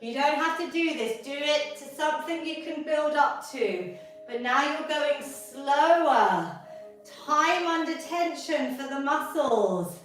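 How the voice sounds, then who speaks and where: A woman's voice: sits high, animated, takes it slowly, soft background music. Upbeat woman coaching a workout class. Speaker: fitness instructor. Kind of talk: live online exercise class. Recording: echoey room from far off.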